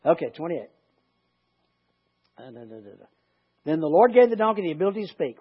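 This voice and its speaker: Husky, high-voiced man teaching Bible study. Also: very animated, a little fast, pauses often. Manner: chatty, rambling, self-interrupting. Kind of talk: reading scripture with joking asides. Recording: lo-fi recording.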